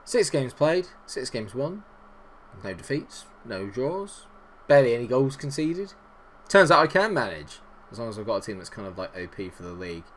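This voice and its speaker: A young man giving chatty, self-mocking let's-play commentary at his home computer, breaking into high, loud bursts of glee. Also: sing-song, moderate pace. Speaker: gaming YouTuber.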